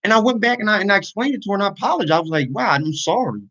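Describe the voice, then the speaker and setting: A man's voice: high-pitched, expressive, rapid-fire, pushed and bright, highs cut off. Earnest man venting on a livestream. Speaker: YouTuber and podcaster. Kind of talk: casual livestream talk.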